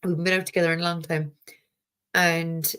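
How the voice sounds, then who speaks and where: Chatty Irish woman, lower voice. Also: level tone, moderate pace, a bit bright, clear, resonant tone. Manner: chatty and rambling, with frequent fillers; swears casually. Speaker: tarot livestream host. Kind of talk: casual live-stream chat.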